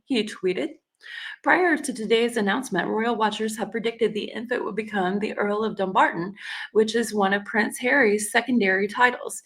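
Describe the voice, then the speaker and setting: A woman in her forties with a drawl hosts casual commentary, reading news quotes aloud and reacting to them. Her voice sits a little high, and her delivery is sarcastic and chatty, with frequent laughs. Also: fairly bright tone. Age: 40s. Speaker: commentary channel host.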